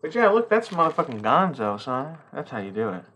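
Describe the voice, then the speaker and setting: A man's voice: a little high, very animated, fairly quick, a bit bright. A middle-aged man chatting casually and profanely as he unboxes a toy collector's gift, rambling and heartfelt.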